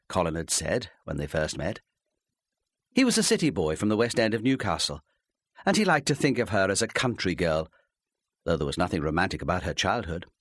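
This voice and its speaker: Lively low-voiced male audiobook narrator. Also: no echo, clean studio sound. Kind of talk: scripted narration.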